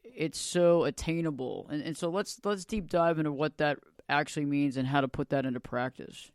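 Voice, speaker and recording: A man's voice: fairly high pitch, moderate pace, smooth, no room sound, clean studio sound. A man hosting a podcast interview, enthusiastic and often repeating words as he starts a sentence. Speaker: podcast host.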